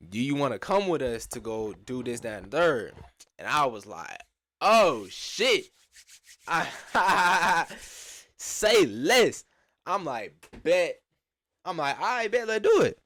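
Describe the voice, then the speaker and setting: A young storyteller vlogger from Atlanta spins a casual, slangy tale, animatedly acting out plenty of quotes. His voice sits at a medium pitch, and the recording is clean studio sound with no echo.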